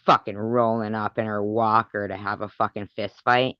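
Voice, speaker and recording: A woman's voice: extremely low pitch, steady tone, moderate pace, no room sound, highs cut off. A woman vlogger in an angry, profane rant to the camera, taunting and repeating words for emphasis.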